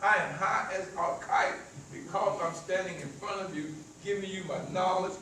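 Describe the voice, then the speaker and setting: A man's voice: high voice, steady tone, normal speed, pushed and bright, slight background noise. A man with a country accent who stutters and stammers, repeating words as he gives a motivational talk to a live audience. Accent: rural American country accent. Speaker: motivational speaker. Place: echoey event room with an audience. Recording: very echoey room, voice far from mic.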